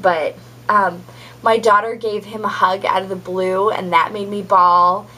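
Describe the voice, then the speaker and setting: Young woman, breathy voice, loose casual vlog chat full of fillers. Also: medium pitch, flat delivery, measured pace, pushed and bright, low-quality recording. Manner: chatty, many ums and likes. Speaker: vlogger. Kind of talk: casual pregnancy update vlog.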